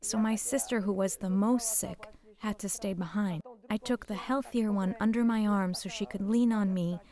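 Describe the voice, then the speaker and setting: An older woman whose first language is Polish, giving a halting, emotional personal testimony as a survivor. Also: medium pitch, fairly even intonation, warm tone. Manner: emotional, halting storytelling, repeating words.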